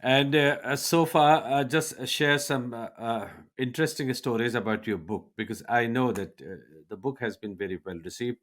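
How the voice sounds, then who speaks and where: A man interviewing an author, asking questions hesitantly with many pauses and fillers. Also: mid-range voice, a bit bright.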